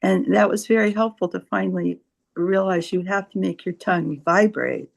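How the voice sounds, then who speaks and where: A woman's voice: lowish voice, normal speed, creaky, poor audio. A woman with a Californian accent, speaking as a volunteer tutor in a casual group discussion on a video call, hesitant, with many fillers and restarts.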